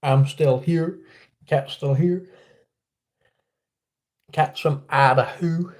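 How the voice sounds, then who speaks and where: A man's voice: fairly high pitch, steady tone, extremely slow, a little mellow. An English man hosting a casual livestream from home, rambling and self-deprecating as he chats with viewers. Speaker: livestream host. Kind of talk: casual live chat. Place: at home indoors.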